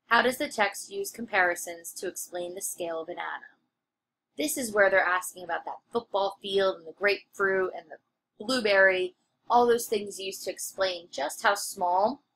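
A woman's voice: medium pitch, bright, forceful tone, low-quality recording. A woman teacher going over review questions for a fourth grade lesson, explaining patiently with the odd "um". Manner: clear, patient explaining with fillers.

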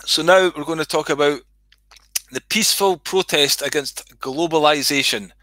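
A man's voice: a little high, moderate pace, bright, forceful tone, no echo. A middle-aged Scottish man reading his comedy skit aloud on a livestream, swearing freely and chatting to viewers.

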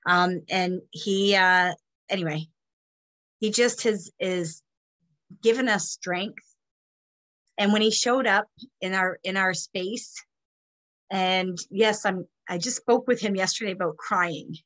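Tearful woman giving a halting introduction. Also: medium pitch, fairly bright tone. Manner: emotional, halting, many restarts. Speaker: community program host. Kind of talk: heartfelt spoken introduction.

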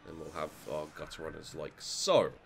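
A man's voice: very deep voice, normal speed, vocal fry, faint music behind. A man talking through his own game as he plays, thinking aloud and swearing freely. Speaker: gaming channel host. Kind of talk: let's play commentary.

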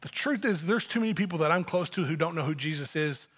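A man's voice: fairly high pitch, lively intonation, fast, a bit bright, big-room sound. A man preaching a sermon as pastor, talking in a conversational way and acting out little family dialogues. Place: church sanctuary.

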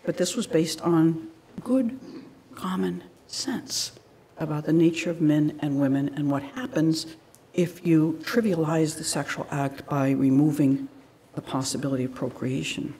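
A woman's voice: sits low, measured pace, mellow, slightly rough. A woman giving a public lecture, telling stories in a conversational way with frequent asides.

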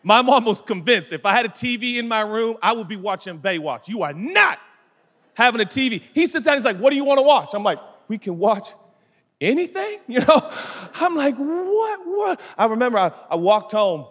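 A middle-aged man preaching a sermon, telling a story with lively acted-out voices. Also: sits high, brisk. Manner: animated storytelling, acting out quoted voices. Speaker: pastor. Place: large church hall. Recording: long reverb of a large hall.

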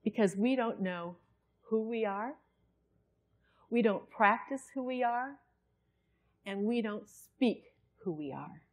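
A woman's voice: on the high side, slow pace, long pauses. A middle-aged woman, preaching a sermon in a church and telling a personal story in an earnest, conversational way.

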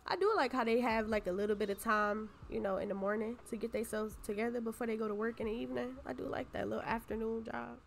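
Young woman w/ aave doing sassy let's play chat, kinda high pitched, little bit of background noise. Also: fairly even intonation, quick pace, gravelly, few pauses. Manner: sassy, playful, voices her game characters. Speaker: gaming YouTuber. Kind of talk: casual gameplay commentary.

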